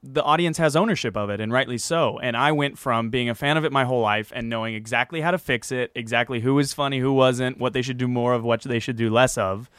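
A man as a podcast guest in casual chat, animated and playful, quick to joke. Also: mid-range voice, clean tone, dry recording, clean studio sound.

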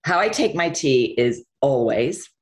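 A middle-aged woman in an interview, talking casually and telling stories. Her pitch rises and falls a lot as she goes, and she laughs often. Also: unhurried. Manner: chatty, animated storytelling with laughs. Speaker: guest actress.

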